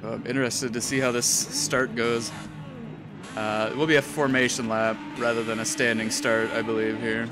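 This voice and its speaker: A man's voice: medium pitch, little pitch movement, normal speed, music in the background. A man commentating a live sim racing stream, joking around, laughing often and stumbling over names. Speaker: race commentator.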